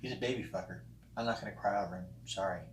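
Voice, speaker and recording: A man's voice: on the low side, racing. A man giving a casual, opinionated monologue in a blunt, profane way, with frequent ums and restarts. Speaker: vlogger responding to a friend's video. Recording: roomy echo with faint background noise.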